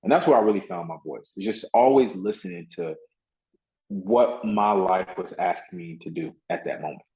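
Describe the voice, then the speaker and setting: Very deep-voiced man telling stories. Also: moderate pace. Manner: earnest, repeats words, frequent "you know" fillers. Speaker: podcast guest, motivational speaker. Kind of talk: casual storytelling interview. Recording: dull lo-fi sound.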